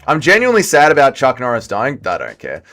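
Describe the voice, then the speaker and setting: A man's voice: mid-range voice, wildly swooping pitch, fast, a bit bright. A man, casually chatting and reading chat aloud while livestreaming a fighting game. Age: 30s. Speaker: streamer. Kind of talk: casual livestream gaming commentary.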